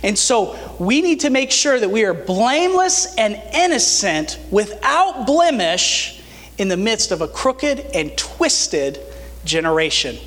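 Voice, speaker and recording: A high-voiced man preaches with earnest, animated conviction and a touch of humor. His voice carries a long, lingering reverb from the church hall around him. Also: unhurried. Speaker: pastor. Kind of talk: sermon.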